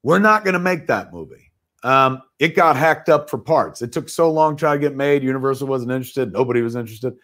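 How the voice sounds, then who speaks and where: Animated middle-aged man telling a story. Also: medium pitch, a little fast. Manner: animated storyteller, swears freely, acts out quotes. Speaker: guest filmmaker. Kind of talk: livestream anecdote telling. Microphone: video call.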